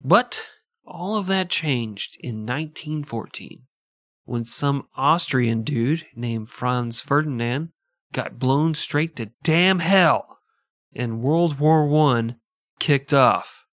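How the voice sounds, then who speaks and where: Male podcast host, sarcastic, casual narration, mid-pitched, dry close mic. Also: slow pace, a bit bright, no room sound. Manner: sarcastic, jokey asides between narration. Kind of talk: casual comedic history podcast chat.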